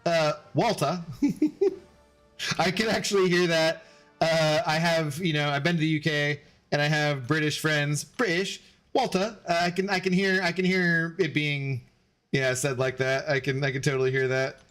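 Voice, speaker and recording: A man's voice: on the high side, steady tone, normal speed, fairly bright tone, faint music behind. A man streaming a game, rambling casually and answering viewers' chat messages as he plays. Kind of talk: casual live-stream chat while gaming.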